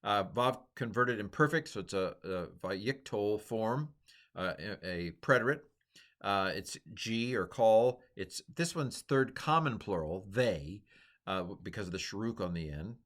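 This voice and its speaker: A man's voice: lowish voice, expressive, unhurried, a bit bright. A middle-aged man giving a casual, chatty lesson on grammar, explaining with many fillers and asides. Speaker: teacher. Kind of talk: lecture on Hebrew grammar.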